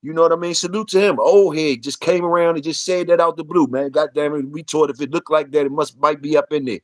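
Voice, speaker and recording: A man's voice: fairly high pitch, steady tone, quick pace, dry recording. A man, hosting a casual livestream, ranting in a profane, repetitive and emphatic way. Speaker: livestream host.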